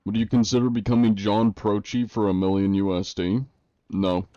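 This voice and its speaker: Low, mellow-voiced joking streamer man. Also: fairly even intonation, normal speed, no room sound, dull audio. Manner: dry, joking, answers chat. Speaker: game streamer. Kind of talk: casual live-stream chat.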